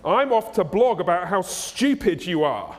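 Man doing a sneering shop owner, loud, raised pitch, harsh, echoey hall. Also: very animated, unhurried. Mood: scornful. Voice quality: contemptuous, shouting, sneering. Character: harsh, scornful male repair shop owner.

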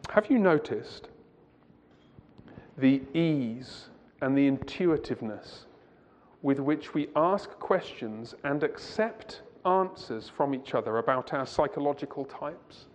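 A man's voice: mid-range voice, lively intonation, takes it slowly, in a large hall, slight background noise. Man lecturing a church audience. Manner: conversational, asks the audience rhetorical questions, digresses. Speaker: Christian conference speaker. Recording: muffled lo-fi recording.

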